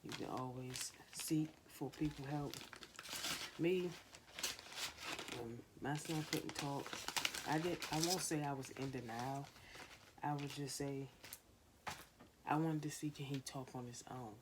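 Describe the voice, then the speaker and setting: Very low-voiced woman giving parenting advice. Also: a little slow, long pauses, noisy background. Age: 20s. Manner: earnest, repetitive, coaching other parents. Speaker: parenting vlogger. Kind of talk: casual how-to talk to camera.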